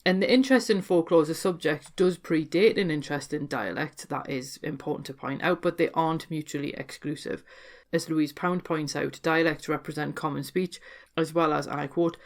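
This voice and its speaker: A woman's voice: sits low, normal speed. A woman with a Geordie accent hosting a podcast, talking through her topic in a chatty, explanatory way. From Newcastle, North East England. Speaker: podcast host. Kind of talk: podcast monologue.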